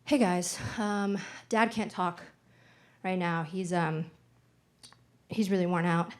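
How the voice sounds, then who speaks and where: A woman's voice: very high voice, big pitch swings, fast, voice pushed up. Woman doing her weary, hesitant mom. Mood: tired. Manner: soft, hesitant, trailing off. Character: worried suburban mom, gentle then weary. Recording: noisy live theater recording.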